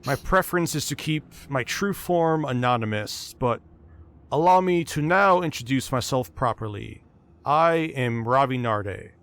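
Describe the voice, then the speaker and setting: A man voicing an ancient gold dragon that is formal, measured and wary, in a tabletop game. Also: medium pitch, expressive, fairly bright tone.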